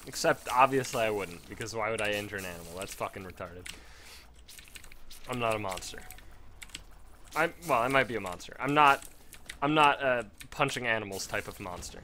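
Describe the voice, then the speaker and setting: Bright-voiced man ranting over gameplay. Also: medium pitch, expressive, fairly quick, a little hiss or hum. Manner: rambling, profane storytelling rant. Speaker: let's play gamer. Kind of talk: casual gameplay commentary. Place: home.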